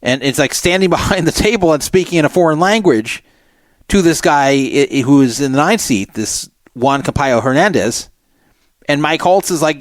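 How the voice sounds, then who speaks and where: A man's voice: fairly high pitch, animated, moderate pace, no echo. Man hosting talk radio, dry voice. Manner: explanatory, recapping for listeners. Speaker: radio show host.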